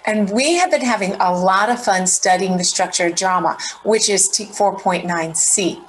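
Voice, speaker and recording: A middle-aged woman teacher giving a recorded lesson, explaining clearly and checking in with students. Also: medium pitch, normal speed, slight background noise, poor audio.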